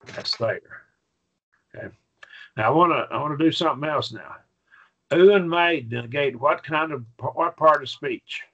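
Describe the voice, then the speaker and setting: A man teaching a Bible Greek grammar class in a folksy way, often asking "okay?" and slowing down to stress his points. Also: on the high side, lively intonation, sharp tone, dull audio. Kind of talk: classroom lecture.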